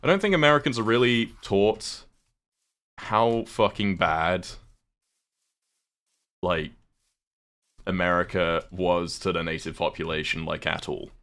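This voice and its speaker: A man's voice: low voice, a little slow, pauses often, a bit bright. A British man chatting casually on a livestream while gaming, rambling, swearing offhand and thanking viewers. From United Kingdom.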